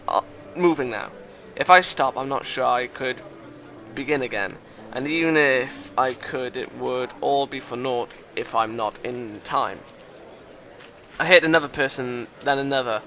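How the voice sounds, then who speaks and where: Man dramatically reading a visual novel. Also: medium pitch. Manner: dramatic reading broken by loud exclamations and swearing. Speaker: visual novel let's-play reader. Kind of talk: reading a visual novel aloud with joking asides.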